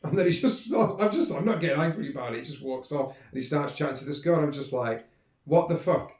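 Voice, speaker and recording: A man, casually telling personal stories in a rambling, animated way, with some swearing. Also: on the high side, quick pace. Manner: rambling, animated, swears, acts out quoted speech. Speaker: podcast host. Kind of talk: casual storytelling monologue. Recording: roomy echo.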